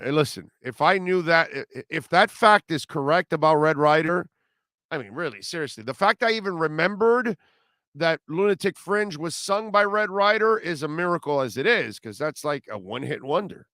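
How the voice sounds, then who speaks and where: A man's voice: mid-range voice, a bit bright, no echo, studio quality. A middle-aged man hosting a live sports radio show in casual talk, rambling as he reads out and answers listener comments.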